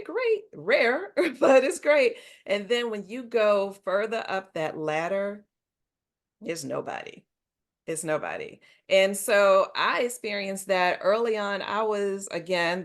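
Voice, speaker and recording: A middle-aged woman as a podcast guest, telling her own stories in an animated, emphatic way with frequent laughs. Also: medium pitch. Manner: animated, emphatic storyteller who laughs often. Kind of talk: conversational interview storytelling.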